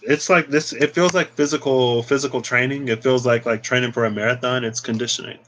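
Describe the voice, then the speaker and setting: A man's voice: mid-range voice, fairly even intonation, brisk, fairly bright tone, slight background noise, rough recording. Chatty man giving a tarot reading. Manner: chatty, lots of "like" and playful asides. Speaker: tarot reader.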